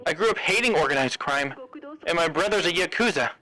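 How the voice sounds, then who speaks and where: A man reading aloud the heartfelt farewell message of a young woman detective from a game, in a soft and sincere tone. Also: fairly high pitch, lively intonation, brisk. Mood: tender.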